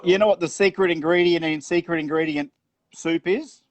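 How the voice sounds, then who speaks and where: Excited Australian man, bright voice. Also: a little high, no room sound. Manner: fast, enthusiastic, repeats words when excited. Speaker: drag racing commentator. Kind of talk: excited live chat at a race event.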